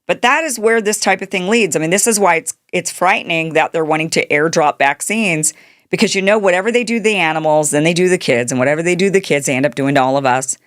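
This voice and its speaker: A middle-aged woman delivers a sarcastic political commentary monologue and mocks the voices she quotes. Her voice sits on the low side. The recording is dry and close, with no room sound. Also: no echo. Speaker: show host.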